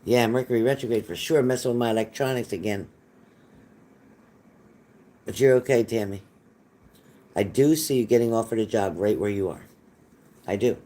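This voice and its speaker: A man's voice: fairly low pitch, moderate pace, long pauses, warm tone. A man hosting a live-stream psychic reading, reassuring and folksy, repeating phrases and calling viewers honey. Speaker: psychic reader.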